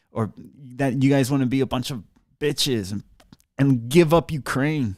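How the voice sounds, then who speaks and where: A man's voice: mid-range voice, a little slow, a little mellow, no room sound. A man ranting at the listeners in a solo podcast, sarcastic and profane, talking into a desk mic in a small studio. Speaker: podcast host. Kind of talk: ranting monologue. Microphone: desk mic in front of a computer.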